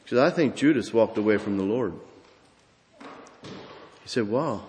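A man's voice: on the low side, animated, unhurried, darkish tone, a little hiss or hum. A man preaching a sermon as pastor, telling a story with many restarts before building to emphatic preaching. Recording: long hall reverb.

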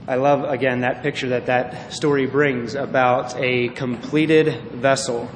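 A man's voice: medium pitch, level tone, unhurried. A male pastor preaching a sermon, earnest and reading a story aloud with feeling. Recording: echoey hall, faint noise.

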